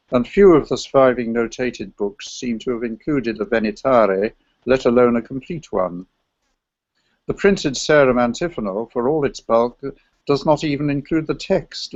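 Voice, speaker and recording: A man presenting an academic paper on medieval chant, speaking in a scholarly, digressive way with a gravelly voice. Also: mid-range voice, dry recording, muffled recording.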